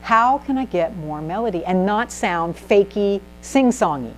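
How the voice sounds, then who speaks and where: A woman giving an animated, emphatic presentation to a small group in a meeting room, asking the audience questions as she teaches. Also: medium pitch, a little slow, slight background noise, low-quality recording. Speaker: speaker at a speaking club. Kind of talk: instructive presentation.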